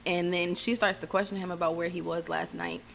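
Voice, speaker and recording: A woman talks through a reality show episode in a loose, chatty recap, tossing in dry, sarcastic remarks along the way. Her voice sits a little low for a woman. Faint background noise hums under her voice. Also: little pitch movement, brisk, creaky. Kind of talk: casual recap chat.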